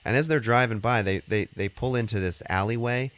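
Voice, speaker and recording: A man with a very low voice recaps a movie for a podcast. He talks loosely and casually, with lots of fillers, restarts and swearing. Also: fast talker, smooth. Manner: rambling, filler-heavy and profane. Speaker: podcast host recapping a film.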